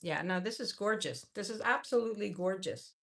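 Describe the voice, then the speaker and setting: A woman's voice: mid-range voice, brisk, creaky. A woman hosting a live jewelry sale, chatting in an effusive way and often repeating her words. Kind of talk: casual live-stream selling.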